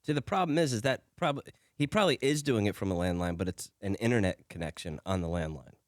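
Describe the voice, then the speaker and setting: A low-voiced man from the radio crew rattles off explanations with dry humor. His speech is quick and the studio sound is dry. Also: no echo. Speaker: radio show crew member. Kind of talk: casual studio banter.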